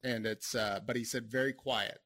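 A man's voice: medium pitch, fairly even intonation, normal speed, fairly bright tone. A man co-hosting a podcast, chatting casually, laughing often and rambling through long explanations. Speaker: podcast co-host. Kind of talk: casual chat.

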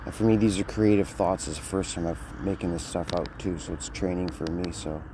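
Man vlogging outdoors, lowish voice, loose rambling delivery, traffic noise behind. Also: brisk. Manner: rambling, slangy, says "dude" a lot. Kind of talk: casual rambling monologue.

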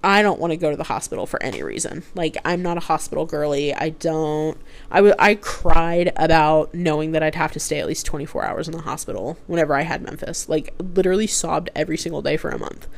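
A woman's voice: deep voice, a little fast, vocal fry. A young woman rambling through embarrassing personal stories in casual chat, with lots of "like" and restarts. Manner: rambling, chatty, heavy use of "like". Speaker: host telling personal stories. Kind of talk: casual storytelling.

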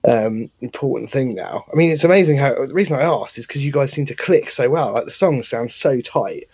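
Husky, enthusiastic male podcast host. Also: medium pitch, brisk, a little mellow, dry recording, dull audio. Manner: enthusiastic, rambling, says you know. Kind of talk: casual interview chat.

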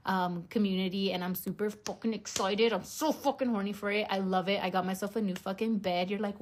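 A woman's voice: mid-range voice, brisk. A young woman hosts her podcast in a loose, casual chat. She swears freely, jokes constantly and rambles along with plenty of filler words. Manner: profane, joking, rambling with many fillers. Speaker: podcast host.

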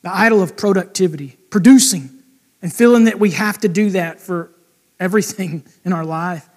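A pastor preaching a conversational sermon and asking the congregation direct questions. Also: male voice, high-pitched, moderate pace, darkish tone. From United States.

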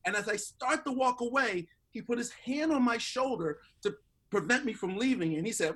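Middle-aged male guest, high voice, animated storyteller. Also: a little fast, slightly rough. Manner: animated, acts out quoted voices. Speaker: interview guest. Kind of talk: casual storytelling.

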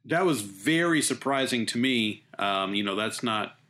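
A man hosting a film podcast, speaking in a relaxed way and explaining things plainly. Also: mid-range voice, measured pace. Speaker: podcast host.

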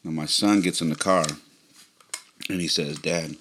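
A man's voice: steady tone, unhurried, fairly bright tone. A man hosting a podcast, telling a personal family story in a rambling, casual way full of fillers. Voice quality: very deep, gravelly. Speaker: podcast host.

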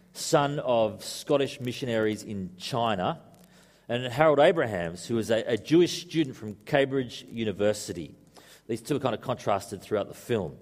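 A man's voice: medium pitch, a little mellow. A man preaching a sermon to a congregation in a conversational way, mixing in joking asides. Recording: echoey hall reverb.

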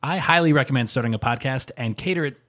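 A man co-hosting a podcast, telling animated stories with lots of fillers and quick laughs. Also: mid-range voice. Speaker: podcast co-host. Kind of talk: casual chat.

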